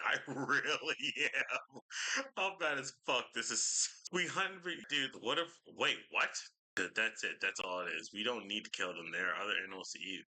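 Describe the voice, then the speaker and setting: A man with a bright, cutting, lower-pitched voice rants through a reaction commentary, swinging his pitch wildly. He swears constantly and sounds thoroughly exasperated. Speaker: reaction streamer.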